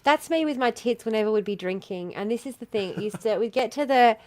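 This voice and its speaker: A woman's voice: a little high, quick pace, dry recording. An Australian woman chatting casually as a podcast host, telling stories with lots of swearing and laughter. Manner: animated storytelling, swears often, laughs a lot. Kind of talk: casual chat.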